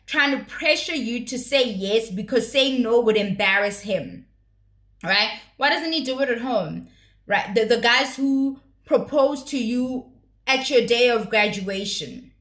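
A blunt, opinionated woman with a fairly high voice, cursing freely as she gives casual commentary. The sound bounces around an echoey room. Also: lively intonation, unhurried, fairly bright tone. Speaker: reality TV recap commentator.

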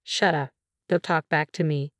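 A curt, controlling middle-aged husband, read out by a woman narrator in a low voice. He snaps short, dismissive lines with no warmth. The sound is dry and close, with no room around it. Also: fairly even intonation, measured pace, no echo. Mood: cold, dismissive.

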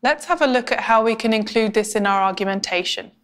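Clear, measured female writing instructor. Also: a little high. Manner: clear, measured teaching delivery. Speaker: language instructor. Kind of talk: scripted educational explainer.

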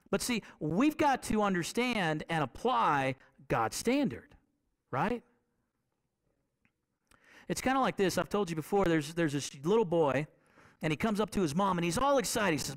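A male preacher with a high voice that swings widely as he preaches. He talks to the congregation like in a conversation, keeps asking them questions and repeats phrases for emphasis. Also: a little slow, long pauses. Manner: animated, conversational, asks the congregation rhetorical questions. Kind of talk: sermon.

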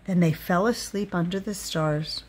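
A woman reading a children's picture book aloud, with expressive storytelling delivery. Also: lowish voice, normal speed.

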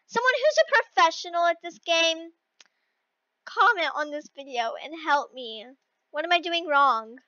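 A young girl with a very high, bright voice chats through her game at a slow pace and jumps around in pitch. She gets excitable and shrieks when she fails. The recording is dry and slightly lo-fi. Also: no room sound. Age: child. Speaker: gaming video creator. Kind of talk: casual gameplay commentary.

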